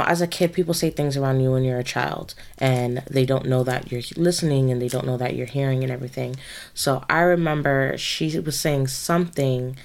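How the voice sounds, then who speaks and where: A woman's voice: a bass voice, gravelly. A woman co-hosting a podcast, telling a personal story in casual chat, rambling with many fillers. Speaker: podcast co-host.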